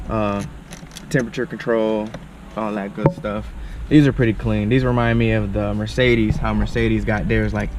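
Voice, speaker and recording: A man doing a casual car walkaround for his vlog, excitable and slangy, talking straight to viewers. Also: on the low side, noisy background. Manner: loose, slangy, excitable, talks to viewers as y'all. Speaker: car vlogger. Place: indoor car dealership showroom. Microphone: handheld camera with small on-camera mic.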